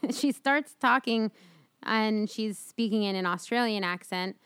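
A woman's voice: a little high, measured pace, fairly bright tone, clear, resonant tone, no room sound. A woman co-hosting a podcast in casual chat, blunt and frank, swearing now and then. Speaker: podcast co-host.

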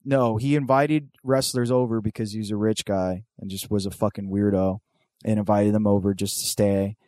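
Young guy podcasting, swears a lot, animated, dry close sound. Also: lowish voice, moderate pace, dry recording. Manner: profane, animated storytelling with loud put-on voices. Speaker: podcast co-host. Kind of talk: casual chat.

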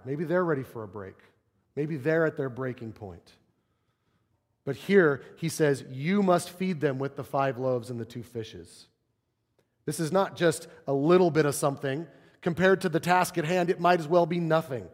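A man delivers a sermon from the pulpit, his slightly high voice animated as he acts out quoted voices, then sinks into soft, low tones to drive a point home. The sound carries the long reverb of a large sanctuary. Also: moderate pace. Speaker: pastor.

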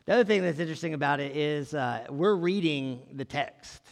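A man's voice: a little high, animated, brisk, creaky, in a large hall. A man preaching a conversational sermon, reading scripture and asking his listeners questions in a casual way. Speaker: pastor.

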